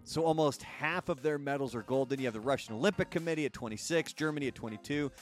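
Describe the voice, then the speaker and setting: A man hosting a casual live-streamed talk show, chatty and jokey, with an energetic quiz-host delivery. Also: medium pitch, fast, soft background music.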